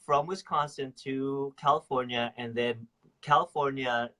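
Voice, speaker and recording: A man hosting a casual live-stream chat. He is animated, laughs often and repeats words as he talks. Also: mid-range voice, a little slow. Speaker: host.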